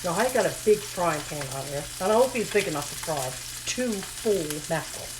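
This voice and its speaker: A woman chats through her cooking in a kitchen, her voice sitting slightly low. She keeps it a touch hushed, repeats her own lines and talks to herself. A frying pan sizzles clearly under her words. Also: animated, fairly quick, noisy background. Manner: talking a little low and hushed. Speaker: home cooking vlogger. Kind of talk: casual cooking chat to camera. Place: home kitchen. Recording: home kitchen recording, audible pan sizzle.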